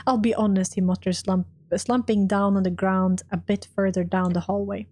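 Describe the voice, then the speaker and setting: Reading a role-playing game's text out loud at a normal pace, this woman streamer reacts to each moment in her mid-range voice. The recording is dry. Failures set her off swearing and laughing in animated fashion.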